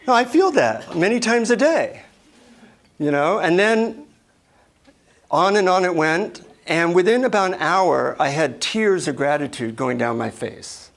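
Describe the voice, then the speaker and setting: A man giving a motivational keynote speech on stage, telling stories with lively voiced asides. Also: fairly high pitch, vocal fry. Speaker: keynote speaker. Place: stage before an audience.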